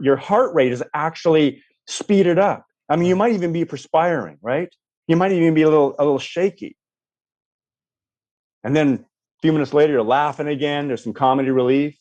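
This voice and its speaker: A life coach with a medium-pitched male voice speaks at a normal pace, leading a guest through a guided visualization. He coaches animatedly, acting out the reactions people might have as he explains.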